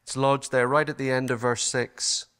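A man's voice: medium pitch, level tone, normal speed, a bit bright, smooth. A man preaching a sermon at a conference, in an earnest, emphatic manner, often repeating words for stress. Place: conference hall.

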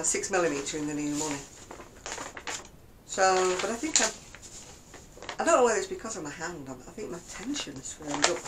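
A woman's voice: deep voice, heavy background noise. Chatty older woman. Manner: chatty, rambling, self-deprecating. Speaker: craft vlogger. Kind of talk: casual knitting chat to camera.

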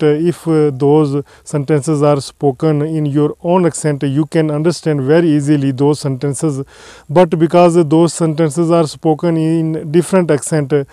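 A man giving a spoken lesson, halting often with "uh" between phrases. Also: a little high, warm tone, no echo. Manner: hesitant, many "uh" fillers. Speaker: English teacher.

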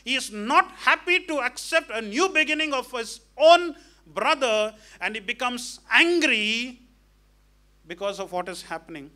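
A man's voice: extremely high pitch, pushed and bright. A male pastor preaching a sermon emphatically, questioning the congregation and acting out the characters of a parable. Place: church hall.

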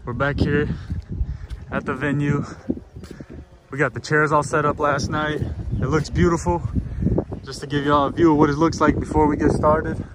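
An excited young man with a drawl talks straight to a handheld camera in a slightly high voice. He is chatty and upbeat, and there is clear background noise on the recording. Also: moderate pace, long pauses. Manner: excited, chatty, says y'all a lot. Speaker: vlogger. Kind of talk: casual vlog narration. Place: outdoors at a farm and indoors at a venue. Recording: noisy handheld camera audio.

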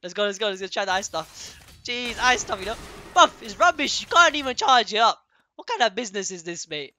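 A young man streams a game in a loud, excitable rush of commentary. His voice sits high and leaps all over the place, and he keeps repeating his lines in bursts. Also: brisk. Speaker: gaming streamer.

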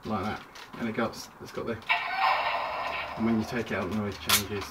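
A man's voice: on the low side, level tone, moderate pace. A man casually reviewing a toy at home, chatty and rambling, often breaking off mid-sentence. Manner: rambling, chatty, self-interrupting. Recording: distant mic with clear background noise.

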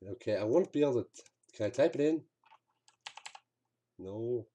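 A man's voice: medium pitch, animated, moderate pace, mellow, highs cut off, slight background noise. A man streaming a game, commenting live with frustrated outbursts and swearing.

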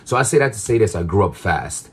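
Low-voiced New man rambling. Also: big pitch swings, fast, slightly rough. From Queens, New York. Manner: rambling, full of fillers and restarts. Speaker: vlogger. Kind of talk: casual confessional monologue.

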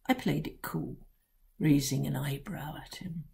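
Woman author reading aloud to children, wry and unhurried, low-ish warm tone. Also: vocal fry. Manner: wry, sly first-person storytelling with dramatic pauses. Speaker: children's book author reading her own book.

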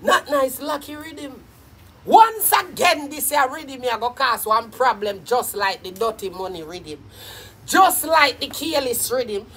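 A woman with a Jamaican accent hosting a live stream, chatting in an animated way with her viewers in patois. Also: high-pitched, a little slow, slightly rough. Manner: animated, talks back to viewers, patois phrasing. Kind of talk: casual live-stream chat about dancehall.

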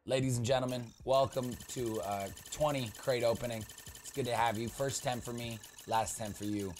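A young man giving casual, rambling gaming commentary as a YouTuber, joking with viewers and breaking into loud playful outbursts. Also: mid-range voice, steady tone, moderate pace, slight background noise.

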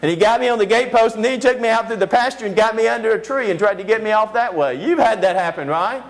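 A man's voice: sits high, fast, poor audio. A male preacher giving a sermon lecture, telling a story animatedly with humorous asides.

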